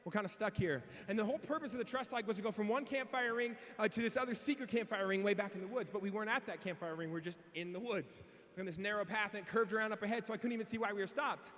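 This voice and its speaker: A man's voice: high voice, rapid-fire. A man in his thirties giving a motivational speech, telling funny stories and acting out the voices of the people in them. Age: 30s. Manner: animated storytelling, acting out quoted voices. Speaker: keynote speaker. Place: large convention hall. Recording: echoey hall with long reverb.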